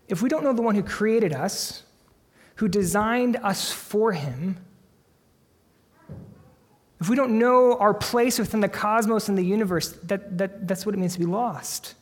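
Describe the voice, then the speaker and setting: A pastor delivering a sermon in a somewhat high voice, his words ringing out with a long reverb as in a church sanctuary. He preaches earnestly, building to emphatic peaks before dropping to soft, hushed lines.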